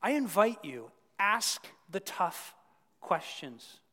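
A man preaching a sermon to his congregation in a conversational, animated way, with frequent asides to the listeners. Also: high-pitched, slow pace, in a large hall. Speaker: pastor. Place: church.

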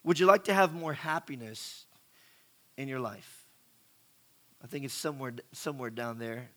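A man's voice: medium pitch, lively intonation, normal speed, fairly bright tone. A middle-aged man preaching a sermon, chatty and asking the audience questions, often repeating words as he goes. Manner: conversational, asks the crowd questions, repeats words.

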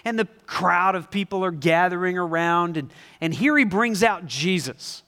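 A man preaching a sermon to a congregation, animated, asking them questions and acting out scenes. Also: high-pitched, normal speed. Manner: animated, asks the audience questions and acts out scenes. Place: large hall before a live congregation. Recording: long reverb in a large hall.

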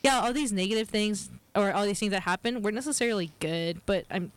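A young woman hosts a casual interview in a friendly, encouraging way. Her voice sits at a middle pitch, and she often stops and restarts her sentences as she goes. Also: quick pace, clear, resonant tone, no room sound. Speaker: host, interviewer.

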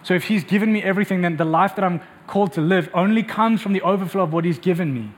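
High-voiced preacher man, animated. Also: fast. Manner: animated storytelling with acted quotes. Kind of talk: sermon.

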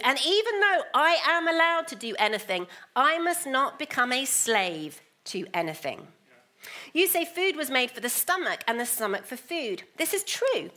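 A woman preaching a sermon, moving between hushed, slow asides and lively, emphatic bursts. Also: a little high.

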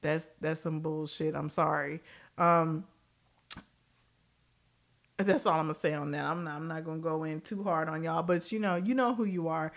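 A woman's voice: low voice, steady tone, moderate pace, creaky, pauses often. A woman hosting a casual pop-culture commentary show, blunt and profane, laughing often and jumping between tangents.

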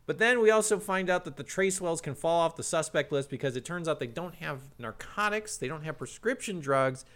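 A man recapping a show's plot for a comedy podcast, animated and jokey, with frequent restarts. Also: on the high side, fairly quick. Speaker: podcast co-host recapping a show.

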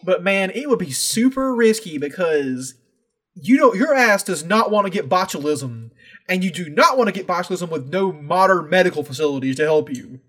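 A man co-hosting a podcast, chatting casually with animated, profane, jokey storytelling. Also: high-pitched, moderate pace. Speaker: podcast co-host. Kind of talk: casual chat.

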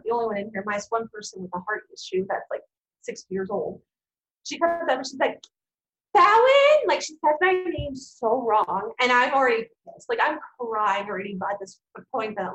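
A woman, guesting on a podcast and telling a personal story in a frank, blunt, animated way, swearing freely. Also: fairly high pitch, roomy sound, low-quality recording. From Canada. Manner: animated, acts out quoted people. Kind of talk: casual storytelling.

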